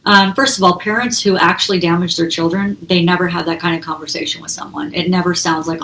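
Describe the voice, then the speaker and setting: A woman's voice: fairly low pitch, steady tone, fairly quick, a bit bright, a little hiss or hum, low-quality recording. A woman hosting a self-help talk, explaining in a casual, conversational way with frequent laughs and quoted examples. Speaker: self-help channel host.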